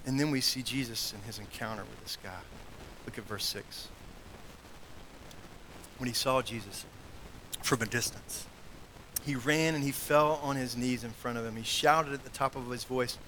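A man preaching a sermon in an earnest manner, growing loud on key points and dropping to quiet asides. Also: mid-range voice, normal speed, long pauses, a little hiss or hum, rough recording. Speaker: pastor.

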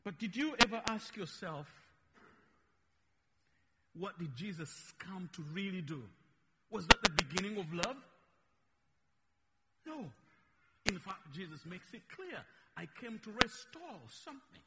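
A man from Uganda with a Ugandan accent and Luganda as his first language, preaching a slow, emphatic, playful sermon in a church. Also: sits high, animated, long reverb tail, very noisy. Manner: slow, emphatic, dynamic in loudness, playful teasing.

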